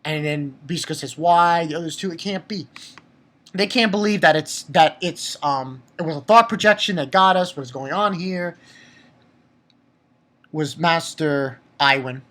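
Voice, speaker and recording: A man giving a casual, excitable spoken review of a manga chapter, swearing and repeating himself for emphasis. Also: fairly high pitch, a little slow. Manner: excitable, profane, laughs often; repetitive, emphatic.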